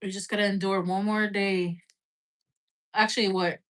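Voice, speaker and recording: A woman's voice: medium pitch, little pitch movement, moderate pace. A woman giving a casual live-stream tarot reading, chatty and loose, peppering her talk with "like" and "right?" and the odd swear word. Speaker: tarot reader.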